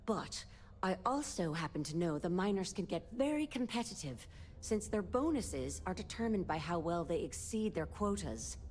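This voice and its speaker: A woman's voice: on the low side, lively intonation, moderate pace, a little mellow, a little hiss or hum, natural voice. A woman voicing a weary female doctor in a video game, with a blunt, exasperated, ranting manner.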